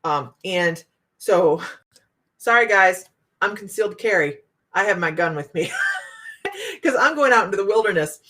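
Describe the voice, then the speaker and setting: A woman from Ohio, a psychic host telling viewers a story in a casual way, animated and laughing often. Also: mid-range voice, a little slow, long pauses.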